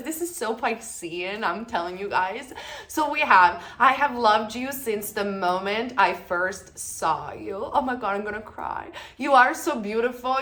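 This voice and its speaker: A woman's voice: mid-range voice, a bit bright. Emphatic, chatty tarot reader woman. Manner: emphatic, self-assured and chatty, repeats lines for stress. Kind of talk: pick-a-card tarot reading.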